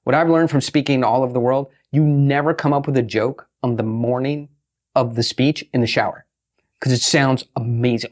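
A man talking as a podcast guest and pitch expert, brash and blunt, swearing and acting out little quotes. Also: fairly even intonation, moderate pace. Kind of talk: fast casual podcast talk.

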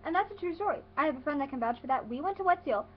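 A woman's voice: sits high, animated, rapid-fire, highs cut off, slight background noise. A teenage girl vlogging in a sarcastic, rambling way, talking into a webcam. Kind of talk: casual vlog rant.

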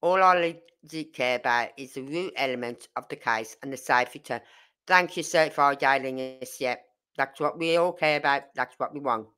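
A woman's voice: a bass voice, moderate pace, a bit bright, clear, resonant tone. A woman hosting a true crime livestream, rambling and indignant as she reads out viewer comments. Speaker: true crime channel host. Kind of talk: casual livestream chat.

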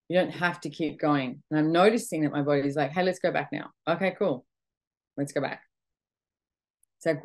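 Middle-aged woman host from Australia, low pitch, chatty motivational talk, acts out her inner voice. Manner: chatty, animated, full of quoted self-talk. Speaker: podcast host.

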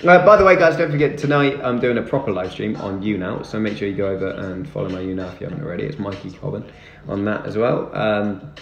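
A young man chats casually on a live stream, thanking viewers and answering their comments. His voice is fairly low and gravelly, and he talks fast with hardly any pauses. The room is echoey, with music playing behind him.

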